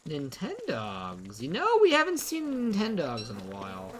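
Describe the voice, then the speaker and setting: A young man commenting live on his own gameplay, excitable, rambling and poking fun at himself. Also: fairly high pitch, normal speed, noisy background. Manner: excitable, rambling, self-mocking. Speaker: game streamer.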